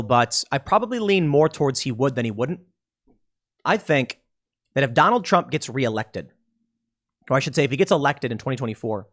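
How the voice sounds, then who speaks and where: Dude ranting about politics solo, lively up and down voice, mocks people he quotes. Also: fairly high pitch. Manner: animated, switches into mocking voices for quotes. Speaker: political commentator.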